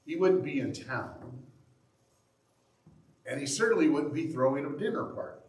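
A man's voice: on the high side, expressive, normal speed, darkish tone, distant mic. A man preaching a sermon, telling the story in a conversational way and acting out the quotes. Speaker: pastor. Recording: echoey room, speaker away from the mic.

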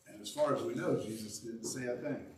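A man preaching a sermon as pastor, dramatic and animated, reading scripture aloud and acting out the quoted lines. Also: medium pitch, fairly quick, a little hiss or hum. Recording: roomy sound, mic at a distance.

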